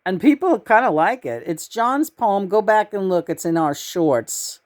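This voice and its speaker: A woman vlogging in casual, rambling chat, blunt and quick to swear. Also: mid-range voice, lively intonation, darkish tone. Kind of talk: casual spiritual vlog chat.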